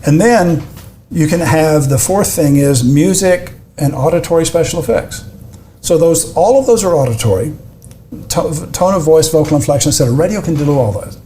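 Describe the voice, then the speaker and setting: A man's voice: fairly high pitch, lively intonation, normal speed, dark tone, a little hiss or hum. An older man explaining advertising in a conversational teaching style, emphatic and step by step. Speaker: advertising expert guest.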